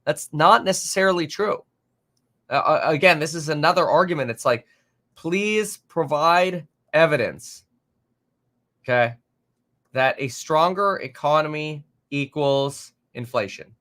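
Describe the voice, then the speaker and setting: A man hosting a live market stream, reading viewer comments aloud and reacting in an animated, exasperated, rambling way with many fillers. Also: fairly high pitch, unhurried. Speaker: market livestream host.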